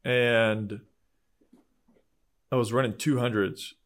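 A man hosting a podcast in casual chat, talking haltingly with many restarts. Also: mid-range voice, fairly even intonation. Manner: hesitant, restarts a lot. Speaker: podcast host.

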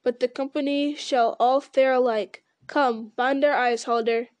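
A woman reading aloud the lines of a calm, commanding male ranger who leads the company. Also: high-pitched, a little slow, clear, resonant tone, no echo. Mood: firm.

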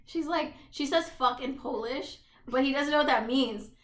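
A woman co-hosting a casual podcast, recapping a movie in a sweary, animated way while she plays a video game. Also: high-pitched, echoey room. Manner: sweary, animated retelling with quick asides. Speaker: podcast co-host.

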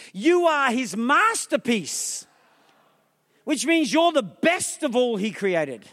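A man with a strikingly high voice preaches a lively sermon as a pastor, firing questions and calls at the crowd and slipping in jokes. His voice rings out with the long reverb of a big theatre hall. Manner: humorous asides.

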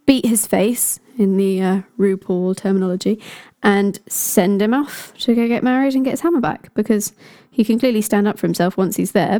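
A woman's voice: medium pitch, dark tone. A woman casually retelling a myth with chatty, jokey asides. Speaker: storyteller.

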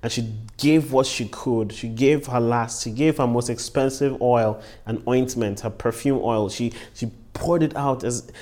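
Guy preaching a bible devotional, earnest, says stuff twice so it sinks in, mid-pitched voice. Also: fairly even intonation, a little slow, hardly any pauses, darkish tone. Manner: earnest, repeats key phrases for emphasis; exclamations of praise between points. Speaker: preacher and podcast host.

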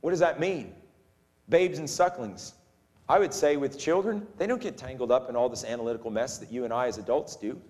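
A man preaching a sermon in an animated way, acting out the voices of the people in his story. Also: mid-range voice, fairly quick. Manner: animated, acts out voices of the crowd. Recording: long hall reverb.

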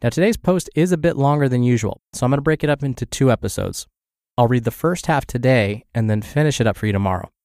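A man with a medium-pitched voice reads a health article in a steady, scripted delivery. He sounds a bit stuffed up from a cold. The recording is dry and close, with no room sound. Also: fast, no echo. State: stuffed up from the flu. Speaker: podcast host reading health articles. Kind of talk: scripted reading of a health blog.

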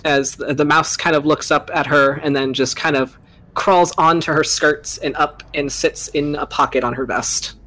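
A woman's voice: sits low, fairly even intonation, moderate pace, a bit bright, poor audio. A woman running a tabletop game as dungeon master, flustered and apologetic, laughing easily between descriptions.

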